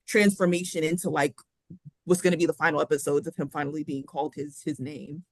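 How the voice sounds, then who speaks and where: A woman's voice: deep voice, fairly quick, no echo. A woman co-hosting a podcast, talking casually and rambling, often correcting herself mid-sentence. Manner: rambling, self-correcting, animated storytelling. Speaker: podcast co-host. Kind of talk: casual pop-culture chat.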